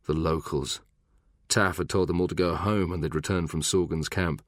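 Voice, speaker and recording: A man narrating a thriller audiobook in an even, measured way. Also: low-pitched, dry recording, studio quality. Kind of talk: scripted narration.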